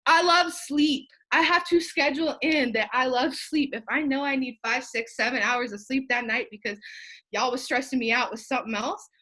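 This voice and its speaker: A woman's voice: high-pitched, brisk, bright, forceful tone. A young woman, feverish, giving a rambling, fired-up motivational talk to her sales team, joking and swearing casually. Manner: fired-up, rambling, profane and jokey, with asides and laughs. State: sweaty and feverish. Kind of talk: motivational live video talk.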